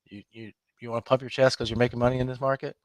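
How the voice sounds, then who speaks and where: A man's voice: medium pitch, level tone, rapid-fire, no room sound. A man hosting a live trading room, talking emphatically to his viewers, scolding them and laughing often.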